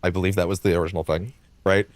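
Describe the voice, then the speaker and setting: A man's voice: low voice, flat delivery, racing, no echo. A man streaming a game live, rambling in casual commentary, full of fillers, swearing and frequent laughter.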